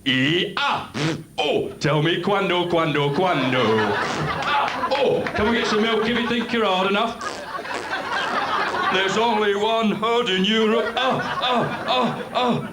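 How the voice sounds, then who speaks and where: Crazed cow with wailing, slurred chants, put on by a man doing stand-up, raised and swinging pitch, on a hissy old club video. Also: expressive, slow, echoey room, over a noisy crowd, heavily acted. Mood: unhinged. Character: mad male cow chanting football songs.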